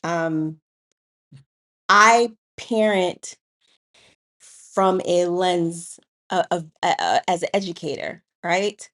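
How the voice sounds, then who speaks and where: Low-voiced woman podcast host. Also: very slow, pauses often. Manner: storytelling, grows animated and loud when arguing. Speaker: co-host and educator. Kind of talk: casual podcast chat.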